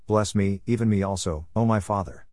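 A man's voice: fairly low pitch, steady tone, fairly quick, darkish tone, no room sound, close to an everyday voice. A man reading the lines of a wronged elder son, pleading in a King James cadence.

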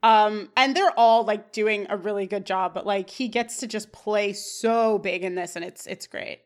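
A woman's voice: medium pitch, moderate pace. A woman co-hosting a podcast, recapping an episode scene by scene and acting out the characters' lines with lots of laughter. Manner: animated, acts out the characters' lines while recapping, laughs often. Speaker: podcast co-host.

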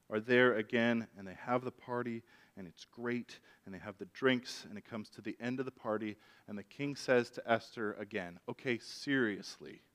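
A man preaching a sermon, retelling an old story in a lively, conversational way. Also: medium pitch.

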